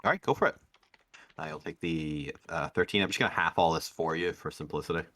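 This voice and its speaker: A man's voice: rumbling low, a little fast, background noise. A man acting as game master, narrating a tabletop role-playing game and patiently explaining the rules.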